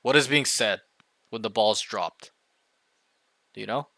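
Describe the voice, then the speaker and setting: This game coach has a lowish voice with vocal fry and a slightly slow pace, recorded without echo. Teaching one student over voice chat, he is emphatic, often asks "right?" and acts out loud team callouts.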